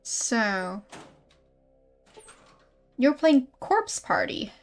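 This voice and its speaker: A young woman streaming a game, chatting in a relaxed way and greeting viewers. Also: a little high, drawn-out words, faint music behind.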